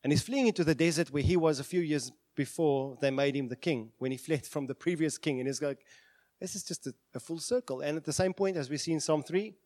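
Man, sermon, acts out prayers, slightly high voice, dry recording. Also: a little fast, a little mellow, no room sound. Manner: impassioned, acts out prayers aloud. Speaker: pastor.

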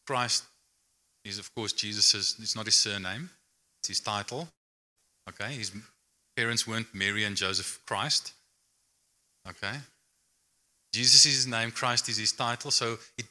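A man's voice: on the low side, pushed and bright. A man preaching a sermon in a conversational, emphatic way with light humor.

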